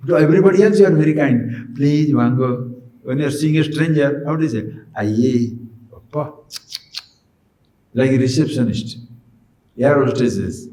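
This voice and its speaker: A man's voice: a little high, lively intonation, fairly quick, warm tone, roomy sound, low-quality recording. A man giving a spiritual discourse, pressing his listeners with rhetorical questions. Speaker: spiritual teacher.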